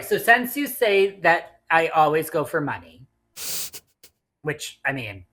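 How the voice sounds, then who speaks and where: Low-voiced woman, profane and dramatic. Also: fairly bright tone. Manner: profane, dramatic outrage played for laughs. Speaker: podcast co-host. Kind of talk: casual podcast chat.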